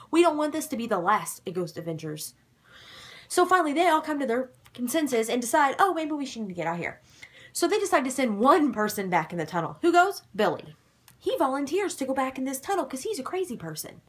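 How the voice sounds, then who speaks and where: Brief: young female vlogger, husky and a touch high, excitable casual recap with dramatic whispers. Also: a little fast. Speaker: vlogger recapping a ghost-hunting show.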